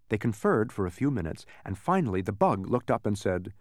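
A man narrating a children's storybook in an animated, expressive reading. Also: fairly low pitch, brisk, few pauses, no echo, clean studio sound.

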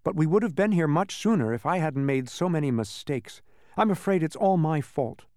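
A man's voice: a little high, expressive, normal speed, dark tone, no room sound, studio quality, voice pushed up, close to an everyday voice. A man doing an earnest young boy, Milo. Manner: earnest, apologetic.

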